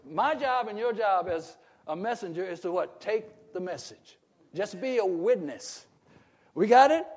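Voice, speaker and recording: High-voiced preacher man, emphatic. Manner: asks the congregation questions and rises to emphatic shouts. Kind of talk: sermon. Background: congregation calling out responses.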